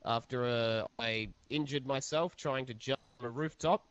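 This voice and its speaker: A man playing an easygoing small-town sheriff with an Australian accent, rambling with halting restarts in an improvised interview. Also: mid-range voice, no room sound, natural voice. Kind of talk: improvised role-play interview. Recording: dull lo-fi game voice chat.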